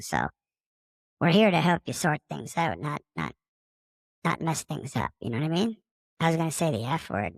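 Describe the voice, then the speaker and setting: A man's voice: mid-range voice, gravelly, no room sound. A man playing a friendly, immature male space alien who has taken over a podcaster's body, talking in a rambling, casual way and fond of swearing. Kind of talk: casual improvised monologue.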